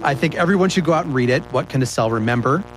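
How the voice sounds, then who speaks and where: A man hosting a podcast interview, asking questions in a quick, conversational way. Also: medium pitch, lively intonation, music in the background, poor audio. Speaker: podcast host.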